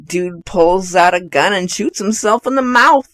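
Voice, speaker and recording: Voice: mid-range voice, unhurried, no room sound. A podcast co-host chatting casually about a movie, laughing often and acting out scenes. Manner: laughs often, retells scenes with lively voices. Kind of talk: casual movie review chat.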